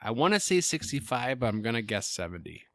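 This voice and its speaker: Animated joking man hosting a podcast. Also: mid-range voice, fairly quick, dry recording, studio quality. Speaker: podcast host. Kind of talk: casual chat.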